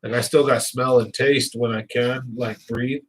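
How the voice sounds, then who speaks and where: A man's voice: mid-range voice, fairly even intonation, moderate pace, slightly rough. A young man hosting a fishing channel live stream, chatting casually and rambling with viewers, a little stuffed up from sinus trouble, laughing often. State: slightly congested with sinus trouble.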